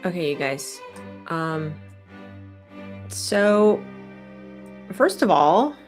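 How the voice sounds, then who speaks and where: A woman's voice: lowish voice, lively intonation, extremely slow, faint music behind. A woman vlogger giving chatty, opinionated commentary with many fillers. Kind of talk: casual vlog commentary.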